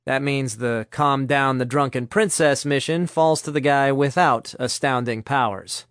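A man's voice: mid-range voice, steady tone, a little slow, fairly bright tone, clear, resonant tone, dry recording, clean studio sound, natural voice. A man voicing a friendly, wry young man in a spoken story.

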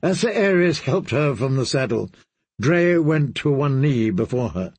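A man narrating an audiobook at a slow, measured pace, his husky voice rising and falling expressively. The sound is close and dry, with no room around it. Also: medium pitch, no echo. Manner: expressive, voices every character.

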